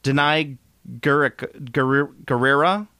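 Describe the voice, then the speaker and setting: A man in his thirties co-hosting a casual movie review chat, animated and quick to laugh. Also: medium pitch, clean tone, no room sound, studio quality. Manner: animated, laughs often, breaks into mock voices. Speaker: podcast co-host.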